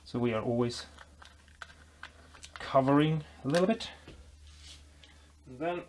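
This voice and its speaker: A man's voice: medium pitch, slow pace, a little hiss or hum. A man vlogging as he builds a guitar, explaining while he works, rambling and making self-deprecating jokes. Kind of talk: casual workshop tutorial chat.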